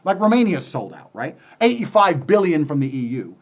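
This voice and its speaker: A man as a podcast guest, delivering a forceful monologue full of swearing and rhetorical questions. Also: on the high side, very animated, moderate pace. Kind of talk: heated monologue.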